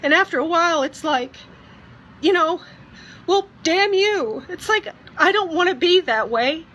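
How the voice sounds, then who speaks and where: A woman speaking earnestly and emotionally in a personal video message, often halting and restarting. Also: very high voice, expressive, sharp tone. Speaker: vlogger.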